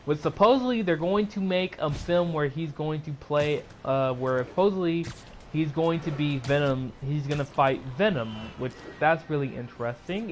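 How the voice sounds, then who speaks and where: A man's voice: on the high side, slight background noise. Rambling man recapping a movie. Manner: loose and rambling, full of "like" and "uh", restarts sentences. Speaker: YouTuber recapping a film.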